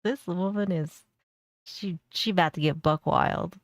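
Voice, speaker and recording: A woman's voice: on the low side, a little slow, no echo, studio quality. A woman streamer giving blunt, sarcastic reaction commentary on a video and laughing often.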